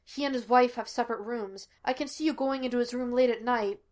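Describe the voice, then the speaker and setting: A woman's voice: on the high side, brisk, darkish tone, pitched above the performer's own voice, lightly acted. A woman voicing a flippant, teasing young man who poses as a psychic detective, in a storybook reading. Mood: probing. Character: cocky young male fake psychic, wisecracking.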